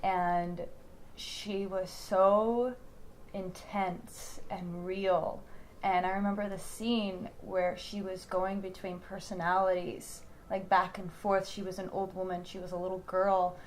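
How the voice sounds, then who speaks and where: A young actress from Houston chats through an interview, telling her stories in an animated way with fillers and laughter. Her pitch sits mid-range for a woman. A faint noise hums behind her. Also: slow. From Houston, Texas. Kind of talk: casual interview chat.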